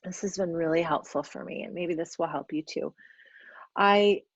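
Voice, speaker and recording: A woman hosting a casual astrology talk, gentle and encouraging, pausing often with ums as she gathers her thoughts. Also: on the low side, no echo. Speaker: astrologer and podcast host. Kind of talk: casual spoken astrology reflection. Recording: slightly dull, dry recording.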